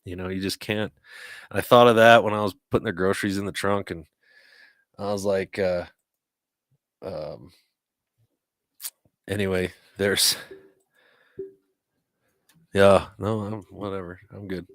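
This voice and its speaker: A man's voice: low-pitched, steady tone, a little slow, pauses often, a bit bright, dry recording, clean studio sound. A man hosting a podcast, telling stories in a rambling, profane, casual way. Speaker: podcast host. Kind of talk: casual chat.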